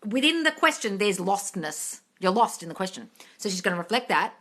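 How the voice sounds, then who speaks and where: A woman reads out chat questions and answers them in a casual live stream. She is blunt and swears freely, calling everyone darling. Her voice is bright and forceful, with a medium pitch. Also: big pitch swings, fairly quick. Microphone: phone on a live stream.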